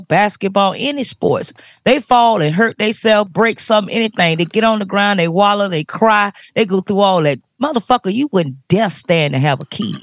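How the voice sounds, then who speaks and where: A woman's voice: on the low side, no room sound, clean studio sound. A woman from Florida on a podcast panel, speaking bluntly and emphatically with heavy profanity. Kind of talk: heated podcast discussion.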